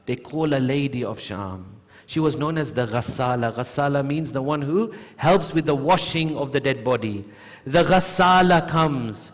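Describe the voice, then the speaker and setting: A man giving an emotional mourning sermon, reciting a story slowly and rising into high, pleading speech when quoting. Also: expressive. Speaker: sheikh giving a majlis lecture. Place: large mosque hall. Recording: long hall reverb.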